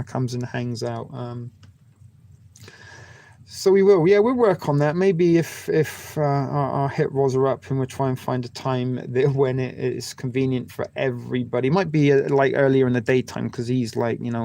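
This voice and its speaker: A mellow, mid-range male voice with vocal fry comes from a West Country Englishman running a livestream. He chats with viewers in a rambling way, telling crude jokes and often filling gaps or restarting.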